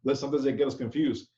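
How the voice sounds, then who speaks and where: Chatty chef instructor on a dull, echoey call. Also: male voice, medium pitch, dark tone. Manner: chatty, loose, keeps asking "okay?". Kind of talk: casual online class lecture. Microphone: video call.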